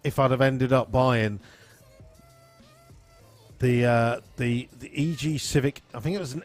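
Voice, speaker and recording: A man's voice: mid-range voice, fairly even intonation, unhurried, soft background music. Chatty man hosting a live stream. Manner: chatty, rambling, easygoing, reads out shout-outs. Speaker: live-stream host at a drag racing venue. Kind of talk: casual live-stream chat reading viewer comments.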